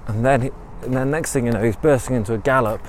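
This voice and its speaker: This podcast host makes up a tale on the spot as he walks by a canal in the city, full of ums, self-corrections, and rambling. His mid-range voice moves fast, and a little hiss or hum can be heard.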